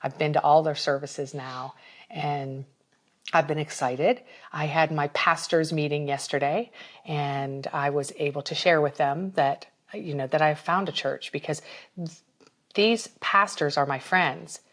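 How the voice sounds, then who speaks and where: A woman with a low voice tells a personal story in casual podcast chat. She talks with animation and open emotion. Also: steady tone, measured pace, fairly bright tone.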